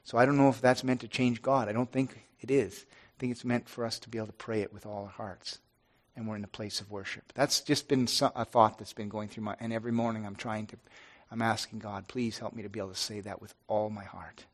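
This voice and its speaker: A middle-aged pastor speaking earnestly and haltingly to his congregation, with many restarts. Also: lowish voice, steady tone. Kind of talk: informal devotional talk to a congregation.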